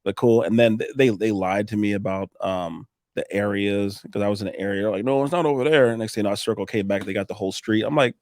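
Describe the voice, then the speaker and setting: Man, Minnesota accent, middle-aged, rapid-fire casual storytelling, animated, dry close sound. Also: fairly low pitch, dry recording. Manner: animated, acts out sales conversations, swears, laughs often. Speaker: roofing business owner, podcast guest.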